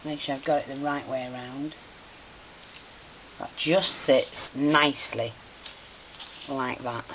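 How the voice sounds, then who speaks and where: A woman with a notably low voice talks through a hands-on craft tutorial. Her manner is chatty and apologetic, and she is easily set off giggling. The recording is a little dull, with a faint hiss underneath. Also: steady tone, takes it slowly. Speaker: craft teacher.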